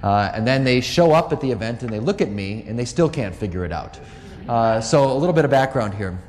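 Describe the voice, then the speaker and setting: A man's voice: mid-range voice, fairly quick. Middle-aged man storytelling in an echoing hall. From United States. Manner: lively storyteller who acts out quoted voices. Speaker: Catholic speaker. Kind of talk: storytelling talk to a live audience. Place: large hall. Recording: long hall reverb.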